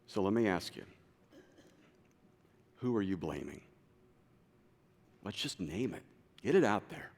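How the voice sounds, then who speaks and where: Pastor with dramatic loud-soft swings. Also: male voice, animated, unhurried, long pauses. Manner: dynamic, swings from loud urgent to quiet low. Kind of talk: sermon. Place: church auditorium. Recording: long hall reverb.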